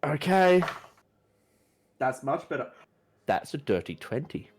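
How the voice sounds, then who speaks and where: A man's voice: on the high side, sing-song, slow, crowd noise. A man playing a tabletop game, joking around with the table and quoting film lines. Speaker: player.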